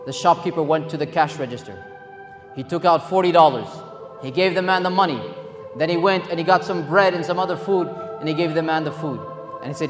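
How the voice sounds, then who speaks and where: High-voiced earnest male preacher. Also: normal speed, pauses often. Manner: earnest, emphatic. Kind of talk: storytelling sermon. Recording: long hall reverb, faint music.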